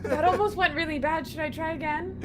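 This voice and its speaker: A woman playing a tabletop game, excitable and laughing, with hesitant restarts. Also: very high-pitched, fast, a faint crowd, slight background noise. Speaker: player.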